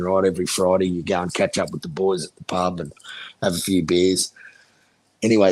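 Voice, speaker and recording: A man's voice: low-pitched, low-quality recording. A man telling crude, profane stories in casual chat, laughing into his punchlines. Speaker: stream chat guest.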